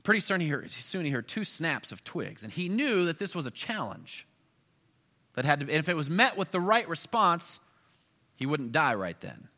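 A male preacher telling a story in a sermon. He swings between loud bursts and hushed asides. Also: a little high, sing-song, normal speed. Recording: echoey hall.

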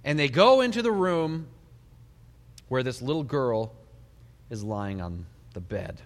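A middle-aged male pastor preaches in a large hall, his voice ringing out with long reverb. He tells the story in an unhurried, animated way, his pitch swinging widely, with soft laughs between lines.

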